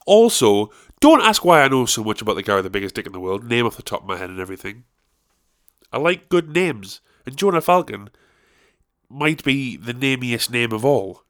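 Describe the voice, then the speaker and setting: A man's voice: medium pitch, sing-song, normal speed, a bit bright. A young man hosting a solo podcast, rambling casually with crude, self-mocking jokes. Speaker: podcast host.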